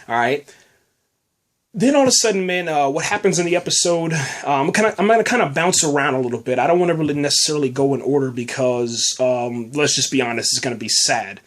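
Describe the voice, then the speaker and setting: A man's voice: a little high, quick pace, a bit bright. A man hosting a podcast, giving a casual, rambling spoken review full of fillers and restarts, often saying "man". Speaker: podcast host reviewing a TV episode.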